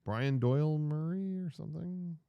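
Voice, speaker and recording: A man's voice: fairly high pitch, normal speed, gravelly, no echo, dull audio. A man co-hosting a casual film chat, mostly answering with short agreeing replies and adding a few remarks. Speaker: podcast co-host.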